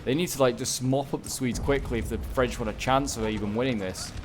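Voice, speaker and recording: Male gaming host, casual excitable play-by-play, average pitch, game gunfire clearly audible under the voice. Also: a little fast. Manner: chatty, excitable, rambling with fillers. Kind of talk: casual game battle commentary. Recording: gunfire and battle sounds over voice. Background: game gunfire and battle noise.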